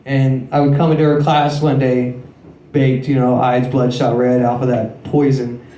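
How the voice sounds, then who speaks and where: The recording is muffled and the club room echoey as a late-twenties comic delivers crude, self-deprecating stories full of swearing into a handheld mic. His mid-range voice is dark, with little pitch movement and a moderate pace.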